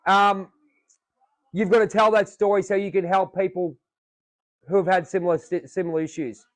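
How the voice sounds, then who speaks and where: A man's voice: high-pitched, fairly even intonation, normal speed, no echo, poor audio. A man with an Australian accent hosting a podcast in a chatty, jokey way, rambling with fillers. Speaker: podcast host. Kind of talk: casual chat.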